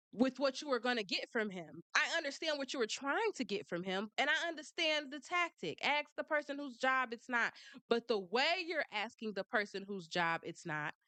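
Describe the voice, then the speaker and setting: High bright woman ranting about a trial, blunt and sassy, dry sound. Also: no room sound. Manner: blunt, sassy and exasperated, with frequent laughter. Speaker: streamer commenting on a trial. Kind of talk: casual commentary.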